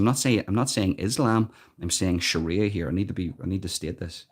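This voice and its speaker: A man's voice: low voice, fairly quick. An Irish man hosting a live stream, giving earnest, emphatic commentary and often repeating words as he thinks, recorded without a proper microphone. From Ireland. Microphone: built-in device mic, no external mic.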